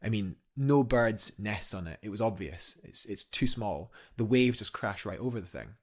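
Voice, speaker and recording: A man's voice: fairly low pitch, animated, moderate pace. A young man, a guest climber, telling a story eagerly in a casual interview, rambling with fillers and restarts.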